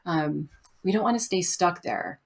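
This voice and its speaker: A woman speaks as a podcast guest, with a voice pitched a little low for a woman. She talks in a gentle, reflective way and slips into playful quoted inner voices. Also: lively intonation, unhurried, creaky, breathy edge. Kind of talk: conversational interview.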